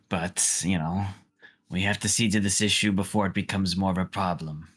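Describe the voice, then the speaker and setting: A man's voice: deep voice, fairly even intonation, moderate pace, a bit bright. A man playing a tabletop game, casually describing his character's actions. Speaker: player.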